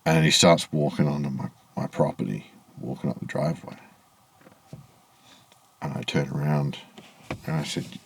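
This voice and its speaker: A man's voice: very deep voice, steady tone, normal speed, gravelly, long pauses, slight background noise. A man telling a rambling, aggrieved story to camera in a casual vlog, swearing freely, outdoors in the evening. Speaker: vlogger. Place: outdoors in low evening light.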